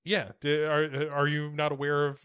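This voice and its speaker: A man's voice: on the high side, completely flat delivery, moderate pace, fairly bright tone, clear, resonant tone. An American man co-hosting a podcast, chatting casually and rambling with many fillers and restarts. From United States. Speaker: podcast co-host. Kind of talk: casual chat.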